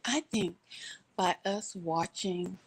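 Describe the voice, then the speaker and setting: A woman, from Texas, telling a story in casual chat from her couch at home, animated and laughing, playfully shifting her voice. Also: fairly low pitch, takes it slowly, husky, poor audio.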